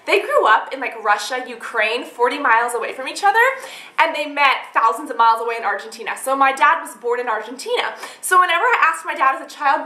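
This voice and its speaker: A woman's voice: high-pitched, lively intonation, fast talker, bright, forceful tone. Bubbly, chatty young woman in an echoey room. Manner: bubbly, chatty storytelling with lots of "like". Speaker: beauty vlogger. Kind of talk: casual chat to camera.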